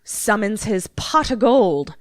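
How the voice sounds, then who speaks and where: A woman co-hosting a podcast, casually retelling a movie plot with swearing and animated character voices. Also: mid-range voice, slow, no echo, clean studio sound. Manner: animated storyteller, acting out characters' lines. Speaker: podcast co-host.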